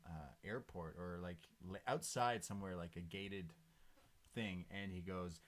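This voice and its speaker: A man co-hosting a casual wrestling review podcast, recapping segments in an animated way. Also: deep voice, measured pace. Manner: animated recapping, acts out quotes, laughs often. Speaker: podcast co-host.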